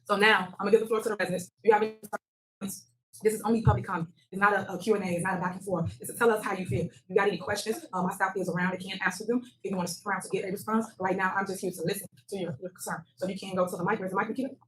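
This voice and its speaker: A woman mayor making informal, rallying announcements at a town hall meeting, her voice going hoarse. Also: medium pitch, steady tone, fairly bright tone. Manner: brisk, informal, rallying the room. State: losing her voice. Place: village hall meeting room. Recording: noisy public meeting recording.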